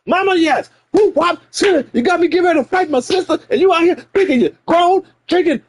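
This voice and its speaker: A man voicing a furious middle-aged aunt who yells and scolds a kid over her beer. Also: a little fast. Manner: shrill, yelling.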